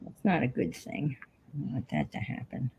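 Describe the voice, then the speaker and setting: A woman's voice: rumbling low, sing-song, normal speed, gravelly, darkish tone, slightly rough. A woman hosting a craft livestream, chatting casually and muttering to herself as she works. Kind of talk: casual chat while crafting.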